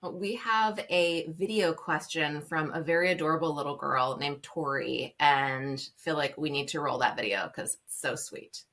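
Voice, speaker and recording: Low-voiced woman hosting a chat. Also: normal speed, hardly any pauses, a bit bright. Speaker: interview host. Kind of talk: casual interview.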